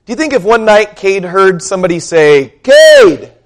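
A man's voice: sits high, fairly quick. A male pastor preaching a sermon, retelling scripture with conversational, dramatic storytelling and questions for the congregation.

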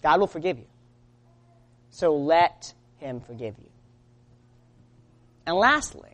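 A woman preaching a sermon in an earnest way. She moves between loud urging and quiet, low-spoken lines.

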